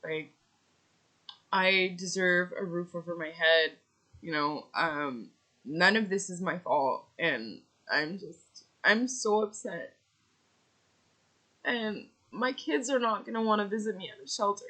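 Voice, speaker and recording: A vlogger in her thirties with older children angrily rants to camera about losing her home, swearing often and venting in bursts. Her lowish voice is animated yet slow, with long pauses and a sharp tone.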